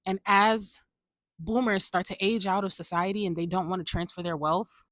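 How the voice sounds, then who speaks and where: A woman talking to camera in a casual, animated and indignant monologue. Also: mid-range voice, normal speed, no room sound.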